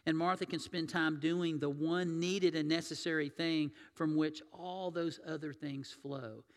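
A man's voice: fairly high pitch, fairly even intonation, measured pace. A man preaching a sermon as pastor, in a conversational way that asks the congregation questions. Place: church sanctuary. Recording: long reverb of a church hall.

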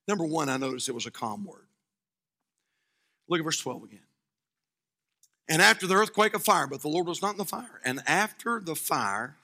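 A male pastor preaching a sermon, swinging between shouted fervor and hushed, quiet passages. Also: a little high, lively intonation, brisk, long pauses.

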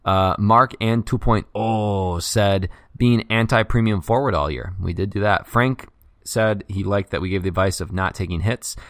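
A man with a fairly low voice hosts a casual sports podcast. He reads listener write-ins at a quick clip and teases his co-host in a loose, joking way. The recording is close and dry, with no room sound. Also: a bit bright, dry recording.

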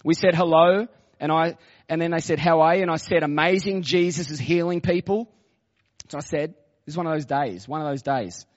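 A man's voice: on the high side, fairly quick. A man, a senior pastor telling stories in a sermon and quoting himself and others in a chatty way. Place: church auditorium. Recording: dull reverberant church hall recording.

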